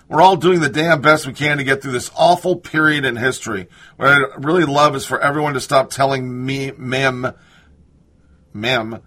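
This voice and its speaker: A man's voice: medium pitch, pushed and bright. A man reading news aloud and reacting to it with sarcastic, indignant asides. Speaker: political commentator.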